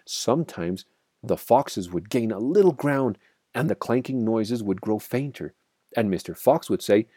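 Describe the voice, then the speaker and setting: A man reading a children's storybook aloud in an expressive, dramatic way. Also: fairly low pitch, normal speed, husky, dry recording, clean studio sound.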